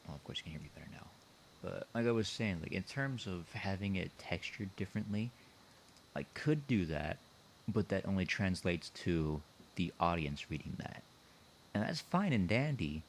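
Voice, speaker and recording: Low-voiced man chatting over a call. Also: animated, normal speed, a little hiss or hum, poor audio. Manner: thinks aloud, circles back to his points. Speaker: writer discussing his own story. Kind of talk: casual explanatory chat.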